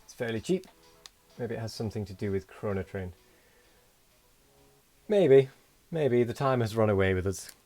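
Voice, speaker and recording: A man speaking in a fairly low voice, chatting loosely on a late-night game stream. He sounds tired and wanders from thought to thought while thanking viewers. Faint music plays under his voice. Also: a little fast, darkish tone. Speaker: streamer host. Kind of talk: casual live-stream chat.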